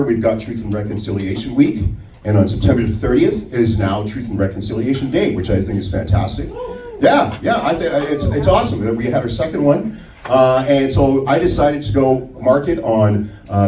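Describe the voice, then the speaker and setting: A man doing a stand-up comedy set, telling stories with an animated delivery and putting on voices for people in them. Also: mid-range voice, normal speed. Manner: animated storytelling with put-on voices. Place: comedy club stage. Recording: roomy club sound from a distance.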